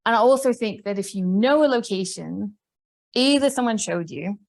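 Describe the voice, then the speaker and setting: A woman giving a conference talk, chatty and animated, laughing often. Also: medium pitch, normal speed, creaky. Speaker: conference presenter.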